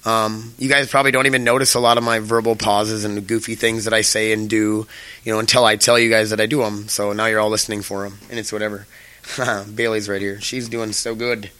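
A man's voice: lowish voice, sharp tone, smooth, no room sound. A young man hosting his own podcast, chatting in a rambling, casual way with lots of fillers and swearing. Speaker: podcast host. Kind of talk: casual solo podcast chat.

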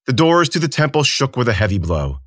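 A man reading a dark fantasy tale aloud, his pitch moving animatedly through each sentence. The delivery is measured and deliberate. The sound is close and completely dry. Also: big pitch swings, dry recording. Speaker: narrator. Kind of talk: audiobook fantasy narration.

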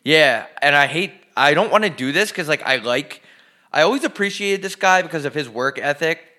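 A man co-hosting a podcast with a bright, forceful voice. He rants in fast, profane bursts and sounds a bit out of breath. He talks casually from his living room. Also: a little high, lively intonation. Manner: profane, ranting, fast and emphatic. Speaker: podcast co-host.

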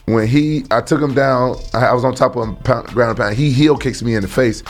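A middle-aged man telling a profane story in casual podcast chat, jumping up in pitch when he acts out quoted voices. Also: brisk, faint music behind. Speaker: guest, former fighter.

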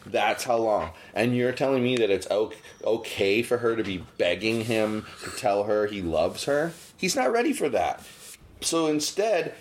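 A man's voice: medium pitch, slight background noise. A man hosting a podcast, ranting casually and getting worked up, his voice jumping up when indignant. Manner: animated ranting, rising sharply when indignant. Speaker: podcast host. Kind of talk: casual chat.

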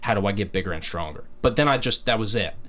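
Laid-back male podcast host, low-ish voice, casual filler-heavy talk. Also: expressive, fast talker, fairly bright tone. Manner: laid-back, says like and dude a lot.

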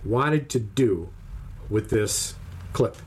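A man's voice: fairly low pitch, expressive, extremely slow, darkish tone, breathy edge. A man chatting casually with a friend about a TV series, emphatic and teasing, often repeating himself. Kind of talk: casual chat.

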